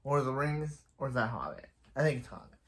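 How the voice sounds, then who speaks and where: A man's voice: medium pitch, sing-song, fast, a bit bright. A man casually recapping a TV episode, rambling with frequent restarts and self-corrections and chuckling as he goes. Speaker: TV episode reviewer.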